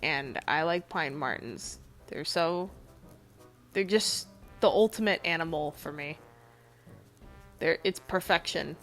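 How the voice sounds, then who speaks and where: A woman's voice: low-pitched, slow, pauses often, a bit bright, soft background music. A woman narrating a voice-over about her own drawings in casual, rambling chat, congested and swearing freely. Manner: rambling, loose and swearing a lot. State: congested, nasal. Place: home recording, voice-over over drawing footage.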